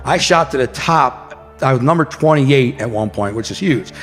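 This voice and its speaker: A man's voice: mid-range voice, animated, moderate pace, fairly bright tone, big-room sound, soft background music. A man telling his life story as an interview guest, loose and slangy, with lots of restarts. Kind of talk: casual storytelling.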